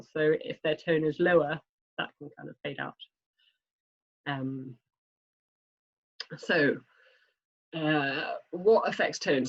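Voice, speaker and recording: A woman's voice: sits low, highs cut off. A woman physiotherapist giving a spoken presentation to parents, explaining step by step with frequent fillers. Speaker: children's physiotherapist. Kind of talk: presentation lesson.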